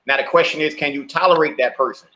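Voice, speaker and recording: A blunt man on a talk panel who swears freely as he makes his case. He talks fast, and his voice is bright and forceful. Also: a little high, steady tone. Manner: blunt, profane, fast-talking. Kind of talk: casual chat.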